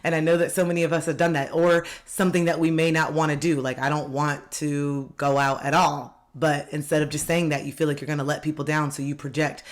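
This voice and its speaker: A woman's voice: sits low, flat delivery, quick pace, hardly any pauses. A woman life coach giving an earnest, direct motivational self-help talk, repeating key phrases for emphasis.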